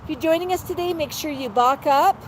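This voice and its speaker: A high, brisk voice carries the casual joke-filled chat as this woman streams live from a patio with her parrot. Faint street traffic sits in the background, and the recording quality is low.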